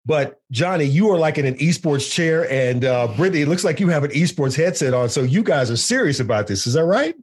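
A man hosting an esports podcast, a sports broadcaster talking in a chatty, animated way with fillers and interviewing guests over a video call. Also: a little high, brisk, few pauses, breathy edge. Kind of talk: casual podcast talk and interview.

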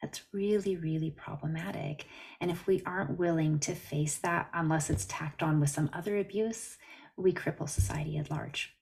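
Low-voiced woman therapist guest. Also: moderate pace, creaky, darkish tone. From Canada. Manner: earnest, explanatory, story-telling. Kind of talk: podcast interview. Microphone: video call.

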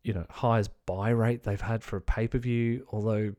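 A man's voice: fairly low pitch, level tone, normal speed, darkish tone. Blunt, swearing male podcast host. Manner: blunt, swearing, rambling with restarts. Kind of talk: casual opinion commentary.

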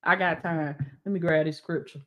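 A woman's voice: low voice, fairly even intonation, moderate pace, muffled recording. A woman preacher and coach preaching fervently on a live stream, repeating phrases and calling out to her viewers.

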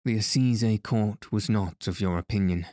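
A man's voice: fairly low pitch, normal speed, a little mellow, no room sound, clean studio sound, lightly acted. A man voicing a frightened, stammering young suspect who pleads his innocence, in a storybook reading. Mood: defensive. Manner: nervous, pleading.

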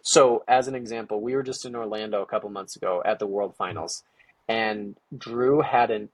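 A man's voice: lowish voice, steady tone, normal speed, no echo. A middle-aged man, a guest on an interview show, telling a story casually and animatedly, acting out quotes, with many fillers. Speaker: guest, entrepreneur and parent.

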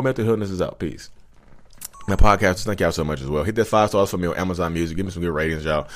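A man hosting a casual advice vlog, talking straight to viewers, animated and repetitive. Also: deep voice, quick pace. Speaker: channel host.

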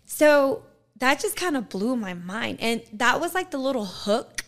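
A woman's voice: high-pitched, very animated, measured pace, a bit bright. Earnest woman telling a faith story. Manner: earnest storytelling, many fillers. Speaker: podcast guest. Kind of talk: casual faith testimony.

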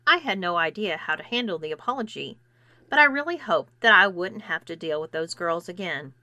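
A woman narrating a first-person story in an expressive, animated reading. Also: fairly low pitch, a little fast, no room sound.

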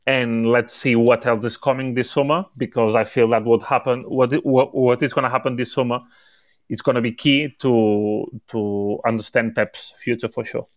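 A man as a podcast guest in casual chat, speaking haltingly and restarting his sentences. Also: mid-range voice, fairly even intonation, no room sound, clean studio sound.

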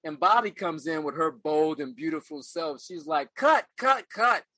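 A man's voice: fairly high pitch, moderate pace, a bit bright, no room sound, poor audio. A middle-aged man, a podcast guest, telling his life story in an earnest, reflective way, often repeating phrases as he searches for words. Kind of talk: casual interview storytelling.

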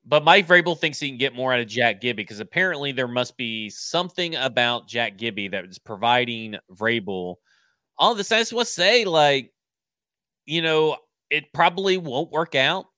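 A man's voice: medium pitch, animated, normal speed, pushed and bright, no room sound, clean studio sound. A man co-hosting a sports podcast, talking in a blunt, opinionated, casual way and swearing now and then. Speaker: podcast co-host.

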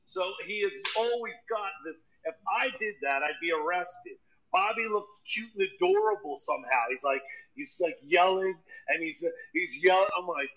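A stand-up comedian chatting casually and telling animated stories, acting out other people's voices. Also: male voice, high voice, moderate pace. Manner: animated storytelling, acts out voices. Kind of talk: casual chat. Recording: dull lo-fi audio.

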